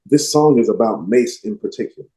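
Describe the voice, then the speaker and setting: A man's voice: mid-range voice, a little fast. Emphatic man in an echoey room. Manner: animated, emphatic, quotes lyrics with relish. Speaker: podcast co-host. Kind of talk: casual music discussion. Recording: roomy echo.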